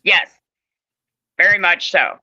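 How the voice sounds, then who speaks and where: A woman's voice: lowish voice, slow pace, sharp tone, no room sound, dull audio. A woman co-hosting a casual recap chat, hesitant and mostly agreeing. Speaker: podcast co-host.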